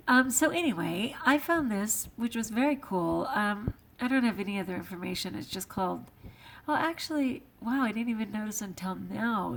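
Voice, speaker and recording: A soft-spoken middle-aged woman reflects aloud in a relaxed vlog. Her voice has a gravelly, fry-tinged texture and sits at an ordinary pitch for a woman. At times her musing talk sinks into a hush. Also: moderate pace, slight background noise. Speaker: vlogger; teacher.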